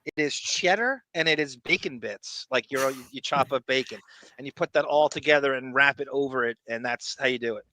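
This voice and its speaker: A man's voice: medium pitch, fairly quick, sharp tone, no echo, rough recording. A man with a Long Island accent co-hosting a podcast, rambling casually and jokily with many fillers and restarts. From Long Island, New York. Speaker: podcast co-host. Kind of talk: casual chat.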